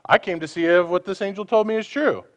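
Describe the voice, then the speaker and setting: A man's voice: high-pitched, moderate pace, highs cut off. A man preaching a conversational sermon, asking his listeners questions and acting out the voices he quotes.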